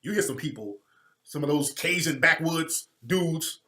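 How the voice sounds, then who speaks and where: A man delivering a heated, profanity-laced monologue as a commentator. His voice sits a little high for a man. He hammers his points home with preacherly repetition, rising into loud bursts and then dropping to a low mutter. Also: expressive, fairly quick. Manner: emphatic, swings between loud outbursts and low muttering. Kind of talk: impassioned monologue.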